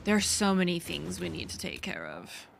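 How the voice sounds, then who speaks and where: A woman's voice: on the low side, sing-song, moderate pace, creaky, faint music behind. A woman streaming a video game, chatting casually as she thinks aloud, laughing and swearing often. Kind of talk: casual gameplay commentary.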